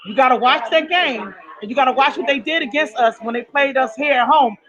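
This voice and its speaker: A woman's voice: sits high, brisk, dull audio, a crowd in the background. A woman who is a football fan guest, chatting in an exuberant, passionate, emphatic way. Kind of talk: casual chat.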